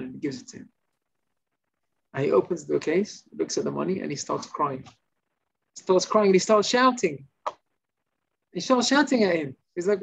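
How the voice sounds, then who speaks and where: A male rabbi giving an informal Torah class, telling stories and acting out the shouting characters. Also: sits high, normal speed, gravelly, pauses often. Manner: animated storytelling, acts out shouting characters. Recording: slightly muffled recording with faint noise.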